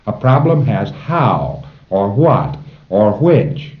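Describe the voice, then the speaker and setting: A man with a very low voice talks a class through a procedure in a folksy, chuckling manner, acting out little exchanges. The old tape sounds muffled, and the room is echoey. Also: very animated, slow. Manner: folksy, chuckling, acts out dialogues. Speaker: lecturer training auditors. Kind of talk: recorded lecture to a class. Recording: roomy, dull old lecture tape.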